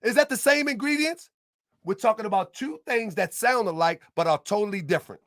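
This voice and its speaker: A man delivering a heated rebuttal monologue as an online commentator, combative and emphatic, repeating his points and bursting into shouts. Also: high-pitched, fairly quick, no room sound, clean studio sound.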